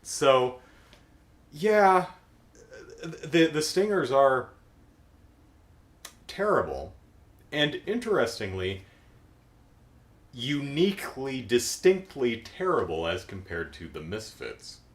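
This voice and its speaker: A man's voice: medium pitch, big pitch swings, slow pace, long pauses. A middle-aged man recapping a cartoon episode in casual comedic talk, dry and sarcastic, acting out the characters' lines.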